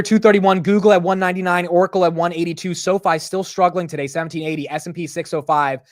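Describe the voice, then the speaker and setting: A man's voice: on the high side, dry recording, clean studio sound. A young man hosting a live market stream, chatting casually about stock prices and answering his chat with "bro" and "dude". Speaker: livestream market commentator.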